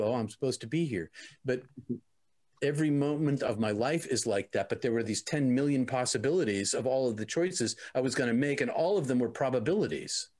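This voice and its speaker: A middle-aged man, an interview guest, telling a personal experience in an earnest, halting way with many restarts and repeated words. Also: mid-range voice.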